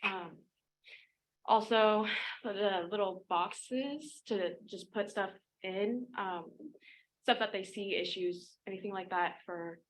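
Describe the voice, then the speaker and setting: A woman's voice: mid-range voice, slight background noise, poor audio. A teenage girl, a student board representative, gives a chatty report at a school board meeting, with many fillers.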